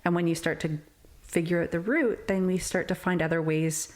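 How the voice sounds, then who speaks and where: A woman's voice: fairly low pitch, fairly even intonation, normal speed. A woman therapist speaking as a podcast guest, compassionate and reflective. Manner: compassionate, reflective, asks probing why questions.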